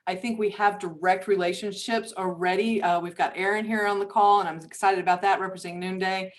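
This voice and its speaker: A woman's voice: mid-range voice, steady tone, brisk. Friendly woman organizer on a video call. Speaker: Rotary organizer. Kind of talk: video call panel announcements.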